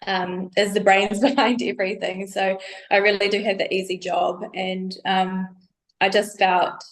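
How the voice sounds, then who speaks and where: A woman's voice: medium pitch, flat delivery, unhurried, gravelly. A woman guest in a casual podcast interview, her voice in an ordinary middle range. She talks hesitantly and often searches for the right words. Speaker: podcast guest, bikini athlete.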